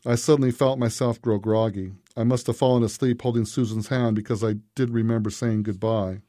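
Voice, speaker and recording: A man reading a story aloud as narrator, in a measured, even way. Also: medium pitch, dry recording, clean studio sound. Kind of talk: scripted narration.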